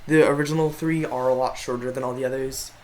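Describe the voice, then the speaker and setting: A man's voice: medium pitch, fairly even intonation, fast talker, darkish tone, slight background noise, rough recording. A man giving casual tier-list commentary in a rambling way, often stopping to correct himself. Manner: rambling, frequent self-corrections. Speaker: video creator.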